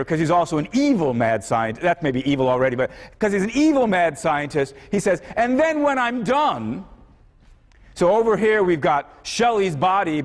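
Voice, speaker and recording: A man giving a university lecture in a conversational way, now and then acting out examples in other voices. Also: high voice. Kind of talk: classroom lecture. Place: large lecture hall. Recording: reverberant lecture hall.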